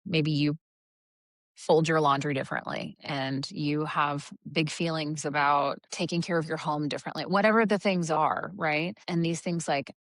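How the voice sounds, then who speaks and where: A woman's voice: low voice, fairly even intonation, normal speed, dry recording, clean studio sound. A middle-aged woman co-hosting a casual parenting podcast, chatty and quoting herself in a sing-song voice. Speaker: podcast co-host.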